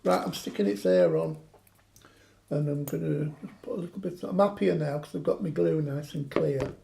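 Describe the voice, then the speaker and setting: Gravelly man demonstrating crafts. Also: fairly high pitch, normal speed, background noise. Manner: joking, self-mocking banter.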